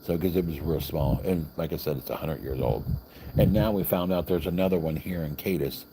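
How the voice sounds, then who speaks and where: A man's voice: extremely low pitch, fairly quick, noisy background. A man telling a long story on a livestream in a loose, rambling way, acting out the lines of the people in it. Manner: rambling, chatty, acts out other people's lines. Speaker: vlogger. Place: hotel, with crickets outside.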